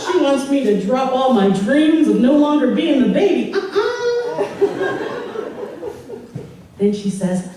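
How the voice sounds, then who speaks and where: A woman telling a personal story live before a room, her voice leaping up and down as she laughs through the telling. She sounds a bit high and lively. She is heard from some way off the mic in a very echoey hall. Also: moderate pace, few pauses, far from the mic, crowd noise.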